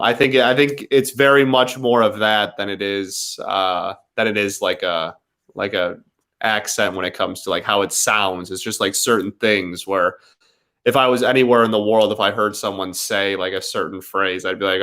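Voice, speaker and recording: A man's voice: lowish voice, fairly even intonation, moderate pace, sharp tone. Rambling man on a casual stream. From Detroit area. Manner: rambling, hesitant with many fillers. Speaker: co-host. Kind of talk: casual watch-party chat.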